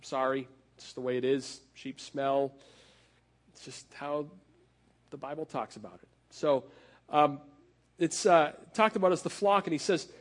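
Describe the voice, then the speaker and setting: Man preaching a relaxed, conversational sermon. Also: on the high side. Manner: conversational preaching with fillers and repeated restarts, slowing on key phrases. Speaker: pastor.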